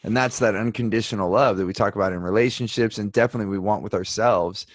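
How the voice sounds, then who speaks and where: A man hosting a podcast, chatting casually and telling animated stories, acting out the people he quotes. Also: lowish voice, quick pace, dry recording, studio quality. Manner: animated storyteller, acts out quoted voices. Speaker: podcast host. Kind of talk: casual conversation, storytelling.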